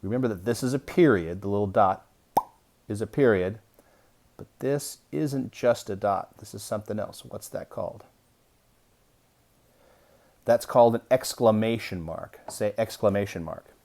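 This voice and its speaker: Slow-reading man teaching young kids. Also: lowish voice, darkish tone. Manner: slow, deliberate reading aloud with pauses. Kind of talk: early-grade reading lesson.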